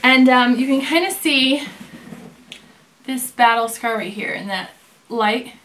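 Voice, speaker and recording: Chatty woman telling a story in a higher voice. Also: slow pace, a little hiss or hum. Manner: chatty, animated storytelling with quoted dialogue. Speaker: leather bag reviewer. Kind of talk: casual storytelling review.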